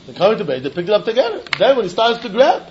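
A man with a very high voice teaches a Talmud lesson in a lively, sing-song way. His voice swoops up and down as he poses rhetorical questions and laughs between points. The recording sounds dull and lo-fi. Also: very fast, a little hiss or hum. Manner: sing-song, mixing English, Yiddish and Hebrew. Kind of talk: animated yeshiva-style Talmud lecture.

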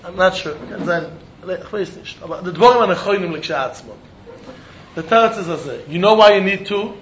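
A man teaching a Talmud lesson, animated, often repeating words as he thinks and breaking into laughs. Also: sits high, normal speed. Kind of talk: Talmud study lecture. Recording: roomy, muffled recording with faint background noise.

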